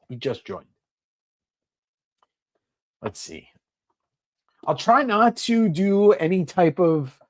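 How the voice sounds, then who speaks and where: A man's voice: fairly high pitch, a little mellow. A man hosting a comic sale livestream in casual sales chat, rambling with lots of fillers.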